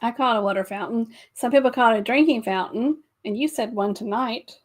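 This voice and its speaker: A woman's voice: a little high, brisk, slight background noise. A woman co-hosting a casual livestream chat, laughing often between remarks. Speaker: livestream co-host.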